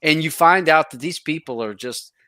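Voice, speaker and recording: A man's voice: on the high side, normal speed, pushed and bright, dry recording. A man hosting a casual panel chat, who laughs often and swears freely as he tells stories. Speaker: host.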